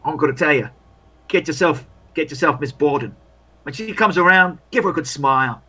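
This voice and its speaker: An overly cheery wounded soldier with bandaged eyes, put on by a man running a tabletop game. He speaks in a chummy, reassuring way, voice bright and a little husky, talking up his pals. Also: on the high side, brisk, exaggerated voice.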